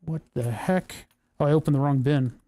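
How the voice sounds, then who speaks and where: Man, a touch high, mellow tone, thinks aloud as he solders, casual streamer. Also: steady tone, normal speed. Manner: muttering to himself while working. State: hand cramps. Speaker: maker streaming a build. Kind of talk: casual workbench chat.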